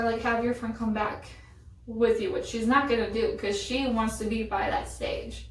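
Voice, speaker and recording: A woman's voice: fairly high pitch, little pitch movement, normal speed. A young woman telling a story in casual chat, chatty and exasperated, with lots of "like". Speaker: vlogger. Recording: roomy echo, voice from a distance.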